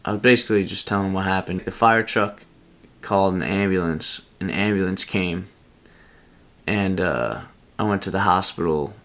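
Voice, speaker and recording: Young male vlogger, deep voice, casual rambling storyteller who laughs at himself. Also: moderate pace, fairly bright tone. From Pennsylvania.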